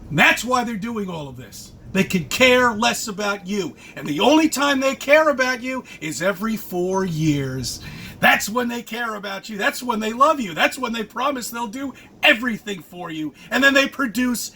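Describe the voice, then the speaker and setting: A man ranting angrily to his viewers, swearing often and preaching distrust, breaking into sudden loud outbursts and laughs. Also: high voice, animated, moderate pace, slight background noise. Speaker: channel host. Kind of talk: ranting monologue to camera.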